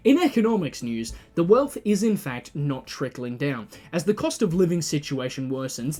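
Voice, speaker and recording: A man's voice: a little high, moderate pace, hardly any pauses, soft background music. Sardonic Australian man hosting a parody newscast. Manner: sardonic, swearing, animated. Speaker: satirical news host. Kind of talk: satirical news parody.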